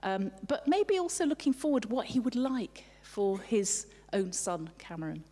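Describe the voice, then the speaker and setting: A woman's voice: mid-range voice, very animated, unhurried, warm tone. Woman introducing a guest in a hall. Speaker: event organiser introducing a guest. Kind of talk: formal introduction. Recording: reverberant hall.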